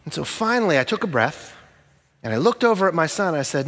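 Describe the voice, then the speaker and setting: Animated pastor, man, hall reverb. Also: on the high side. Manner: animated storytelling with sudden hushed, slow emphasis. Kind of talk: sermon.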